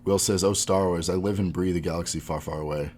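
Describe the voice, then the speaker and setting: A man's voice: low-pitched, steady tone, fast talker, a little mellow, slight background noise. A man co-hosting a podcast in casual chat, rambling and laughing often. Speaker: podcast co-host.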